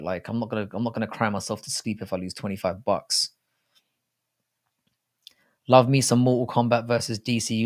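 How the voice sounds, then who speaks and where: Man chatting on a live stream. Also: fairly low pitch. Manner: loose and swearing, addresses chat as mate and bro. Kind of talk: casual live chat reading viewer comments.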